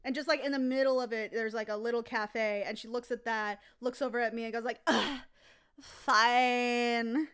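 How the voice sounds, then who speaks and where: A woman's voice: fairly high pitch, fairly even intonation, fast, few pauses, clear, resonant tone. A woman casually telling a rambling, profane anecdote on a live stream. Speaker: comic artist streaming.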